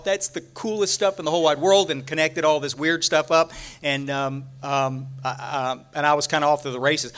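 A middle-aged man speaks at a recovery meeting in a slightly high voice, stumbling over his words and circling back on himself. He talks in a loose, unscripted way, stacking fillers and false starts before he lands a thought. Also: sharp tone. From Texas. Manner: halting, repeats words, many fillers and restarts.

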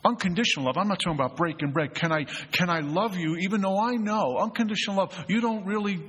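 A husky, somewhat high-voiced middle-aged man talks earnestly to a group, telling his story with frequent restarts and stammering fillers. His voice carries a long echo, as if recorded in a hall. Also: quick pace, a bit bright. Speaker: retreat facilitator. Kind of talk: recovery talk to a group. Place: mountain retreat hall.

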